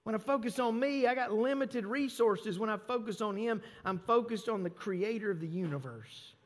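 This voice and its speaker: Pastor, male, high voice, emphatic sermon delivery with repeated phrases, in a reverberant church hall. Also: normal speed. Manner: emphatic, repeats phrases and stresses key words. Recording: long reverb of a large hall.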